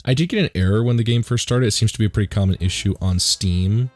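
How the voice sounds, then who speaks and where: A man hosting a casual let's play, rambling excitedly and joking between dialogue lines. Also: lowish voice, fast talker, faint music behind. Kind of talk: casual gaming commentary.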